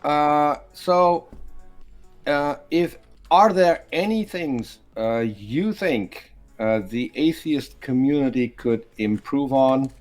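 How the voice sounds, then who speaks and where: A man's voice: medium pitch, lively intonation, slow, soft background music. A man from the Netherlands, speaking English as an in a casual online chat, with many hesitations. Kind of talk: casual video-call chat.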